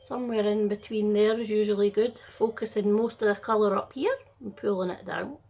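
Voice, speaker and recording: Softly chatty Scottish woman, gravelly. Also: mid-range voice, fairly even intonation, brisk. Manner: chatty, self-deprecating, rambling. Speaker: makeup artist. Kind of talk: casual makeup tutorial chat.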